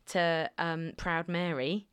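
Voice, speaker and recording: Woman from Alderney, slightly low voice, chatty singer telling stories. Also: takes it slowly, clean tone. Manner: chatty, animated storyteller who slips into impressions. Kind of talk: casual chat.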